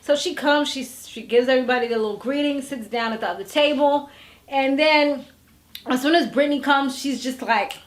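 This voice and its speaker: A woman vlogger giving a casual, gossipy recap of a TV episode, animated and full of slang, often acting out what people said. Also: sits high, moderate pace. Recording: echoey room.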